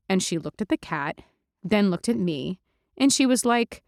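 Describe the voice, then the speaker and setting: A woman telling an audio story in the first person, chatty and sarcastic, scattering "like" through her sentences. Her pitch leaps around expressively, and the recording is dry and close with no room sound. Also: lively intonation, normal speed, no room sound. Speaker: narrator.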